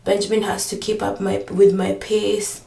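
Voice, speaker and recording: Chatty pregnant woman with a gravelly voice. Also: medium pitch, little pitch movement, normal speed, mellow, roomy sound, distant mic. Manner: rambling, filler-heavy storytelling. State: pregnant, often out of breath. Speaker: vlogger. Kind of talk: casual chat.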